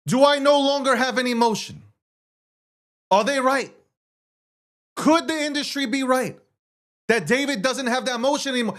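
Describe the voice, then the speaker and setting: A man's voice: extremely high pitch, a bit bright. A man hosting a show, ranting to viewers on a livestream in a brash, profane, boastful way, repeating phrases and firing rhetorical questions. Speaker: show host.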